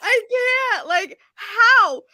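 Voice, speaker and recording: A woman's voice: very high voice, lively intonation, very slow, bright, forceful tone, no echo. A woman chatting casually on a live reading stream, laughing to tears and saying y'all. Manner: giggly, laughing hard, says y'all.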